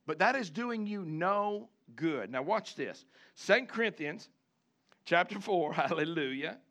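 A man preaching a sermon, animated, switching between chatty asides and loud shouted lines, acting out the people he quotes. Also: sits high, unhurried. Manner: acts out the congregation and the people he quotes. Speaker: pastor.

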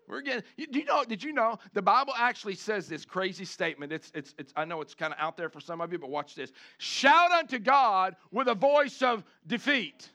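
A man preaching a sermon, animated, switching between chatty asides and loud shouted lines, acting out the people he quotes. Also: high voice, brisk, hardly any pauses. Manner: acts out the congregation and the people he quotes. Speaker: pastor.

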